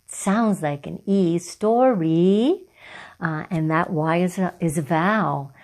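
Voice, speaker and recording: A middle-aged woman teaching a children's phonics lesson, talking slowly and clearly and praising the children often. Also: on the low side, darkish tone. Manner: encouraging, slow and clear, with drawn-out words for children.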